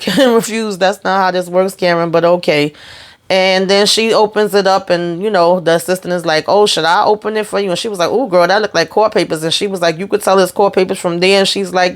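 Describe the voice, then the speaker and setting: A woman recapping a TV show in a relaxed, gossipy way. She acts out each character's lines and drops slangy asides. Her voice is smooth and clear, at a middling pitch. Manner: chatty, retells scenes acting out characters' lines; laughs often, slangy asides. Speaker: TV episode recapper. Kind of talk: casual recap vlog.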